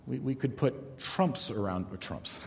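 Middle-aged man, Bible teacher, lively pitch, mellow tone, chatty storytelling, long hall reverb. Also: unhurried, creaky. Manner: conversational, animated storytelling with jokes.

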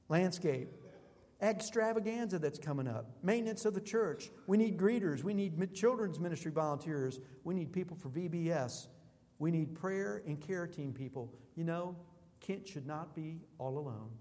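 A man's voice: on the high side, animated, moderate pace, warm tone. A man preaching a sermon as a pastor, emphatic and declamatory, building through rhythmic repetitions. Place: church sanctuary. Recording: long reverb of a large hall.

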